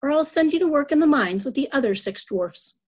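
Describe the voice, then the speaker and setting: A gentle but stern grandmother from a read-aloud children's story, as a woman reader puts her on. She scolds softly and firmly in a fairly high, soft voice, calm and unhurried.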